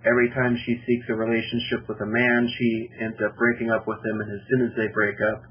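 A man hosting a casual film review podcast, summing up a plot in a halting way with many fillers. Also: medium pitch, completely flat delivery, breathy edge. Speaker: podcast host. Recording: dull lo-fi podcast audio.

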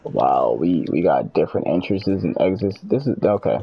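A man's voice: sits low, expressive, moderate pace, gravelly, mellow, breathy edge, faint music behind, poor audio. A man hosting a gaming video, chatting casually and rambling through self-corrections while he plays. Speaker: gaming channel host. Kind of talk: casual gameplay chat.

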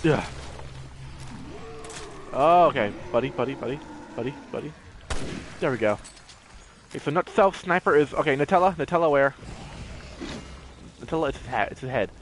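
A man commenting on his own gameplay, easily startled and thinking out loud as he plays. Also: medium pitch, lively intonation, moderate pace, pauses often, slight background noise. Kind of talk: let's play commentary.

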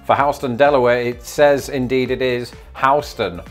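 English guy, vlog host, casual commentary, mid-pitched voice, keeps repeating words to test them, faint music behind. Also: fairly even intonation, normal speed. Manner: playful, repeats words over and over sounding them out. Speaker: YouTube host.

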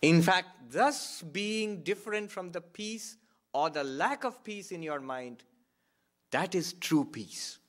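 A monk giving a reflective spiritual talk, repeating key phrases for emphasis. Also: male voice, high voice, slow, a bit bright. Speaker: monk and Vedanta teacher.

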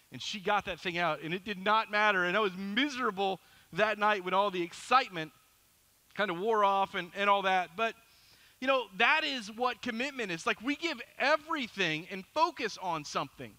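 Animated, bright-voiced male pastor. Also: high-pitched. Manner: storytelling, animated and self-deprecating. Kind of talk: sermon.

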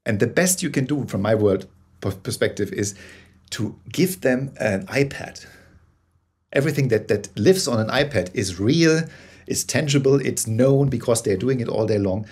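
A man speaks as a guest on a remote interview, his voice slightly husky. He explains in a conversational way, often restarting sentences and sometimes rising into animated bursts. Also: medium pitch, moderate pace. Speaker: guest, corporate storyteller.

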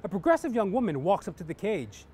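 Rambling stand-up comic, lively voice. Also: male voice, high voice, fast, husky. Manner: rambling, full of "you know". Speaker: stand-up comedian. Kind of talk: stand-up joke telling.

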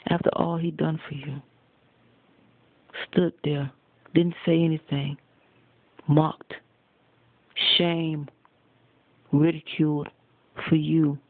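A man preaching a sermon, addressing his listeners directly and accusingly at a deliberate pace. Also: fairly high pitch, level tone, vocal fry, no room sound. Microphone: phone. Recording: tinny phone recording, dry.

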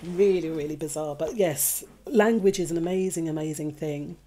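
A woman's voice: low-pitched, normal speed, dark tone. A woman co-hosting a casual podcast chat, earnestly reading out a news item and urging listeners. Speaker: podcast co-host.

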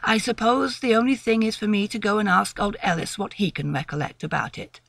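Well-spoken young gentleman, persistent and coaxing, dry close read by a woman. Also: mid-range voice, lively intonation, fairly quick, vocal fry, no echo, pitched below the performer's own voice.

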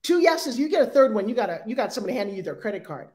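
A woman in her sixties speaking as an interview guest, animated and acting out sales pitches in quoted voices. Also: very fast. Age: 60s. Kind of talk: energetic interview talk.

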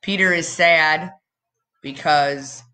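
With a low, pushed, bright voice, a woman tells a story for the children's message at church. Her delivery is expressive, full of dramatic pauses, and she keeps asking the kids questions.

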